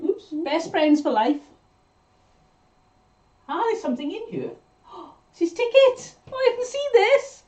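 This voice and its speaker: A woman's voice: very high-pitched, big pitch swings, unhurried, pauses often, darkish tone. A British woman co-hosting a live show, fondly reading out viewer comments and showing gifts. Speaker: co-host of a live mudlarking show. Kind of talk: casual live-stream chat.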